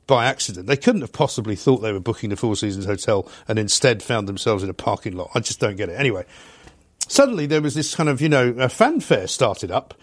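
A man hosting a studio talk show, scornful and animated as he tells his stories. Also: medium pitch, fast, no echo. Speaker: talk radio host. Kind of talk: opinionated chat.

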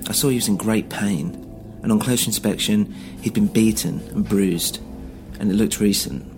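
A man narrating an audio drama in the first person with tense, measured storytelling. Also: fairly low pitch, music in the background. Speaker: narrator and host.

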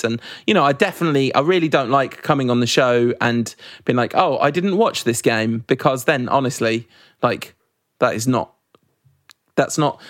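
A man's voice: medium pitch, no room sound, clean studio sound. A man co-hosting a podcast in casual, jokey chat, rambling with restarts. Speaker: podcast co-host leaving the show.

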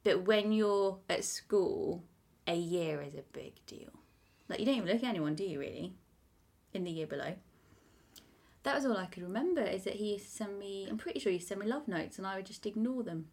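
A woman's voice: medium pitch, expressive, a little fast, gravelly, darkish tone, breathy edge. A young woman co-hosting a casual podcast chat, telling stories about herself with a self-mocking streak and frequent laughs. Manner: chatty, self-mocking storyteller, laughs often. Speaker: podcast co-host.

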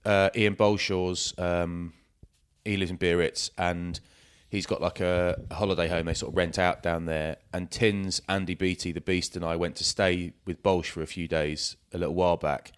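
A man's voice: sits low, level tone, normal speed, clear, resonant tone. A man co-hosting a podcast, telling rambling anecdotes with lots of fillers and restarts. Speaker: podcast co-host. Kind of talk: casual chat, storytelling.

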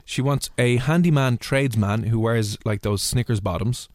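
A man's voice: medium pitch, normal speed, darkish tone, no room sound. A young man hosting a radio show, chatting casually and teasing his co-host with jokes. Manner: teasing, jokey, puts on silly voices.

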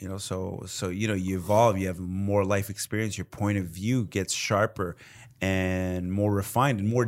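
A man, a comedian guest chatting casually in an interview, rambling with many fillers and acted-out quotes. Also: low-pitched. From Canada.

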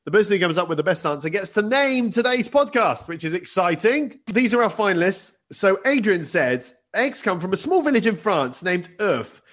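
High-voiced guy hosting a comedy podcast, reads listener answers, laughs a lot. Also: big pitch swings, normal speed, hardly any pauses, a bit bright. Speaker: podcast host.

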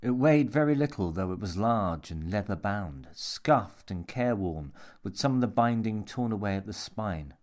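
Low-voiced man narrating a horror story. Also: a little slow, hardly any pauses.

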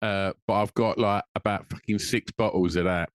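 Man, middle-aged, lowish voice, dry close sound, casual podcast banter, jokey, swears a lot. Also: steady tone, normal speed, smooth, no room sound. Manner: jokey, swears freely, trails off with fillers. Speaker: podcast co-host.

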